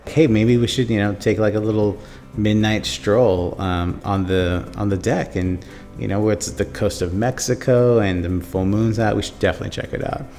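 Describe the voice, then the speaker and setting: A man's voice: on the low side, fairly even intonation, moderate pace, a little mellow, faint music behind. A young man telling a story in a laid-back way, full of "like" and "you know", as an interviewee. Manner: laid-back, filler-heavy, says "dude" and "like". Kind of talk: casual storytelling.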